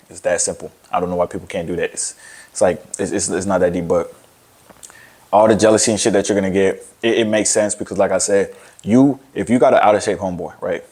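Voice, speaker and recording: Fast-talking deep-voiced man, blunt rant. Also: a little mellow. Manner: blunt, profane, rambling with many restarts. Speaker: fitness content creator. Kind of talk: casual motivational rant to camera.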